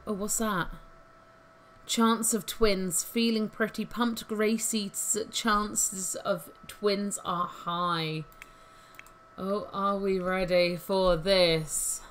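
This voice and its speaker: A woman's voice: mid-range voice, steady tone, drawn-out words, fairly bright tone, slight background noise. A woman casually commentating her life-simulation gameplay, chatty and giggly as she thinks aloud. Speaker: gaming YouTuber. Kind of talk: casual let's-play commentary. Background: faint game music.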